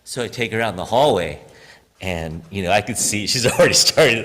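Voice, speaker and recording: Pastor giving a relaxed sermon, lively swooping pitch, chatty, laughs a lot, long church reverb. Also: male voice, a little fast. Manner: chatty, self-deprecating, laughs often, animated storytelling. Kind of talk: casual conversational sermon. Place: church sanctuary.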